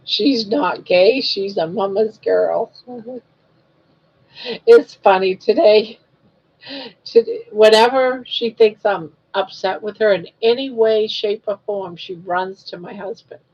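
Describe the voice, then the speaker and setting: A woman's voice: mid-range voice, slow pace, slightly rough. An older woman hosting a live crochet stream, chatting casually and cooing sing-song baby talk to her dog. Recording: dull lo-fi stream audio.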